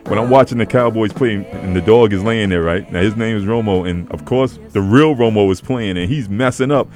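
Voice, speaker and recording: A man hosting a radio show, chatting casually and telling animated stories with lots of laughter. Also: lowish voice, brisk, soft background music. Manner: animated storyteller, laughs a lot. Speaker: radio host.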